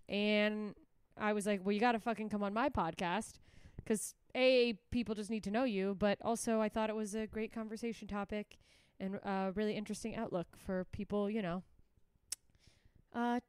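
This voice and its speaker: A woman hosts her podcast in casual, candid chat, cursing freely and laughing a lot. Her voice is smooth and clear. The sound is dry and close. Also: medium pitch, no echo. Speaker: podcast host.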